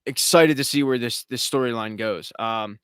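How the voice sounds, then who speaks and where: A man in mid-range pitch talks over a home stream mic in a dry, close room. He rambles casually, swears freely and now and then mocks the characters in put-on voices. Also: moderate pace, fairly bright tone, clean tone, dry recording. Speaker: show host. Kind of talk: live-stream TV recap chat.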